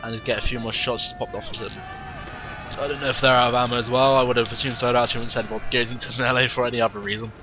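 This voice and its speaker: A man with a cold, casually commentating a game replay in a warm room at home with wry, rambling asides. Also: medium pitch, level tone, racing, over music, poor audio. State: has a cold, sniffly.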